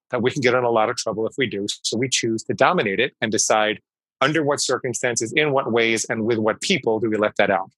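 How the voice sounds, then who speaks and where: Man in his 50s, bright sharp voice, dry close sound, talks emphatic and hammers on key phrases like an interview guest. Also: mid-range voice, no room sound, poor audio. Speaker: guest psychologist. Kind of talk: conversational interview storytelling.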